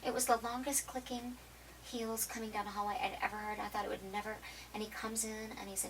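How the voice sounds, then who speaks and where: Lively storytelling woman, distant noisy mic. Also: mid-range voice, brisk. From Oklahoma. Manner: lively, laughing, quotes people in acted asides. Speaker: interview guest. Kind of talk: storytelling in a casual interview. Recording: distant mic with clear background noise.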